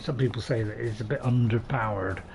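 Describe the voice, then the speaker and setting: A man's voice: medium pitch, brisk, creaky, darkish tone, slight background noise. Chatty man narrating gameplay. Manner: chatty and self-deprecating, with dry jokes; hesitant, with many fillers and restarts. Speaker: gaming channel host. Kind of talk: gameplay commentary.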